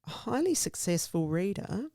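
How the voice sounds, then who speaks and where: Slow, mellow-voiced woman explaining teaching. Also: medium pitch, sing-song, no echo. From Australia. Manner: earnest, emphatic, explains in lists. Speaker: literacy consultant, guest. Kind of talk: conversational explanation.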